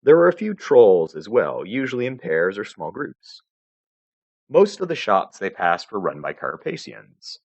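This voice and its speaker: A man reads a story aloud, his low voice swinging widely in pitch as he narrates. The sound is close and dry, with almost no room echo. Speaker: fanfiction reader. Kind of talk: live reading of fan fiction.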